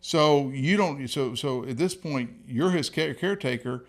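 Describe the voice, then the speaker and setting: A man's voice: mid-range voice, unhurried. A man interviewing a guest for a news program, probing and restating her answers back to her.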